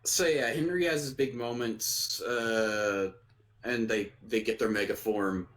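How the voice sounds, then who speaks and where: In a low-quality recording, this anime podcast co-host speaks unhurriedly with a mid-range, slightly bright voice and fairly even intonation. His casual recap talk is relaxed and hesitant, packed with fillers and frequent laughter.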